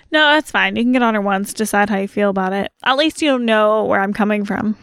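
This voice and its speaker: A woman's voice: mid-range voice, expressive, moderate pace, a bit bright, no room sound, clean studio sound. A young woman chatting casually with her husband on a podcast, teasing and giggly. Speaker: podcast guest host, wife. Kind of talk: casual chat.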